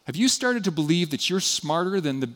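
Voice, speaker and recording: A man preaching a sermon as pastor, earnest and often dropping to a quiet, intimate tone. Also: a little high, very animated, a little fast. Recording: long hall reverb.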